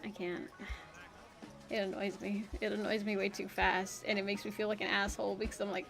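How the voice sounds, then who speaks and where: A woman's voice: mid-range voice, little pitch movement, fairly quick, creaky, fairly bright tone, faint music behind. A young woman streamer chatting casually while she draws, rambling and self-mocking, with a bit of swearing. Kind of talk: casual chat while drawing.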